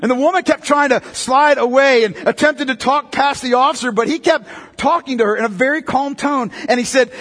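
A man preaching a sermon as pastor, swinging between loud emphasis and quiet, low passages. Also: a little fast, hardly any pauses, long reverb tail.

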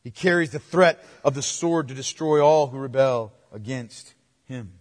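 A man preaching a sermon, moving between forceful proclamation and hushed, playful asides to the congregation. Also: medium pitch, a little slow, big-room sound. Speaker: pastor.

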